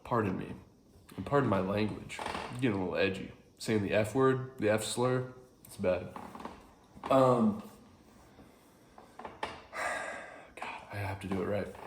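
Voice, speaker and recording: A man's voice: mid-range voice, unhurried, long pauses, a little mellow, echoey room. A man casually explaining a classic play in a rambling, chuckling way, often correcting himself. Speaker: video host explaining a play.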